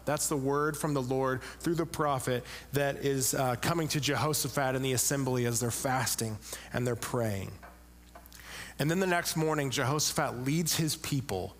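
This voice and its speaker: A man's voice: medium pitch, moderate pace. Man preaching in a reverberant church. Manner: casual, joking preaching voice. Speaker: pastor. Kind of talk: sermon. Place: church sanctuary. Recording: long reverb of a large room.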